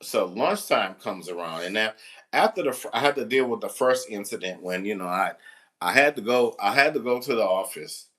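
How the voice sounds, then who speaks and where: A man's voice: on the low side, lively intonation, moderate pace, sharp tone. A man who works as a substitute teacher, telling a rambling, exasperated and joking story with mild cursing. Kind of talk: casual storytelling to camera.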